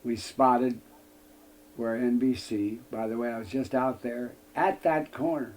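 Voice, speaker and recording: With a medium-pitched, steady voice that is a little slow and darkish, this older man from the United States spins a lengthy story as an interview guest. His phrasing is folksy, peppered with "I says," and he performs the other characters' dialogue.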